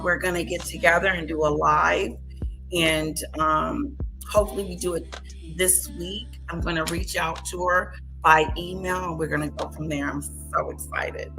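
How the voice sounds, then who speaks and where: Slow, bright-voiced woman streamer. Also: fairly low pitch, poor audio. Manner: emphatic, repeats points for stress. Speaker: live-stream host. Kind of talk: casual commentary.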